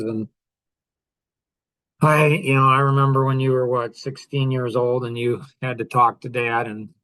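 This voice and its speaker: A man's voice: mid-range voice, fairly bright tone. A man in his fifties hosting a podcast, joking and rambling, then speaking tenderly to his grown children. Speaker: podcast host. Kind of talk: casual monologue.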